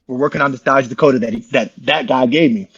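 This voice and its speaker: Over a call, a male interview guest with a husky, mid-range voice spins a long, rambling story in fast, slangy, repetitive casual talk, saying "bro" often. The highs in the audio are cut off.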